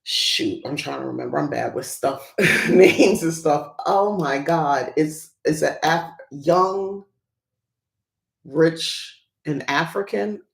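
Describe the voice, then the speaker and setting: Rambly chatty stream host, kinda gravelly voice, lots of ums, echoey room. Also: mid-range voice, slow. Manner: rambling and chatty, with frequent fillers and little laughs. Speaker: livestream podcast host. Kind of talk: casual livestream talk on witchcraft practice. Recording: roomy echo.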